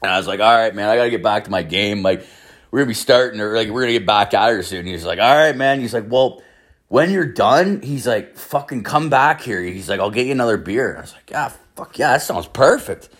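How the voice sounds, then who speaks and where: A young man from Ireland telling a rambling, swear-filled party story in casual chat, acting out quotes with sudden jumps in pitch. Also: fairly quick, fairly bright tone. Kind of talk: casual anecdote, heavy swearing.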